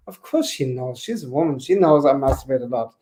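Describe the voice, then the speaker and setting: Speaking into a home webcam microphone, this forties-aged man runs through a campy, talkative stand-up routine online, leaning often on "you know." His mid-range voice is dark in tone, and his delivery is animated and brisk.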